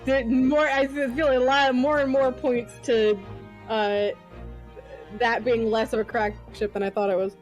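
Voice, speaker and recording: A woman's voice: a little high, flat delivery, unhurried, soft background music. A woman chatting casually while playing a game with friends, laughing easily and stumbling through restarts. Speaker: co-player on a game stream. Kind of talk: casual chat.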